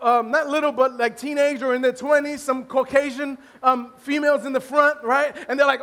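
Speaking at a moderate pace, a male pastor with a very high voice shares a comic tale with his congregation as humorous sermon storytelling. He's animated and self-mocking, breaking into laughter, fumbling restarts, and getting loud at the funny bits.

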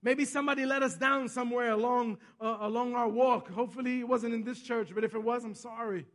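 Male pastor, sermon storyteller, very high voice, bright tone, hushed-to-loud delivery. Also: fairly even intonation, fairly quick. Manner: storytelling, repeats himself, asks the congregation "Amen?"; swings between soft and loud.

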